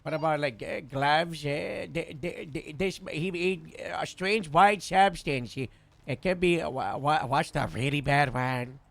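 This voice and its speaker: A man role-playing a police captain over radio chatter, halting and full of fillers, using police jargon. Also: a little high, creaky, slight background noise.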